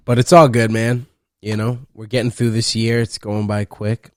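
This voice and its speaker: A young man hosting a solo podcast, rambling and cursing playfully, breaking into loud laughs. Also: lowish voice, flat delivery, moderate pace, dry recording, studio quality. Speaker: podcast host. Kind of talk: casual solo podcast rant.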